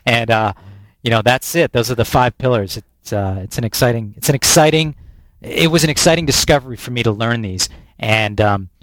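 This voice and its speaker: An American man, a professional speaker, telling a lively story as an interview guest and often repeating words as he restarts. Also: medium pitch, a little fast, no room sound. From United States.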